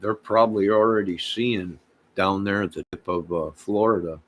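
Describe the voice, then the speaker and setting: Casting: man vlogging, folksy and rambling, slightly low-pitched. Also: normal speed. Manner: rambling, folksy, loose and talkative. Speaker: small channel vlogger. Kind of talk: casual vlog chat.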